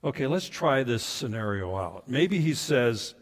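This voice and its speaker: A man preaching a sermon as pastor, emphatic at times and then dropping to soft, intimate asides. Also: medium pitch, very animated, a little slow. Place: church sanctuary. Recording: reverberant hall sound.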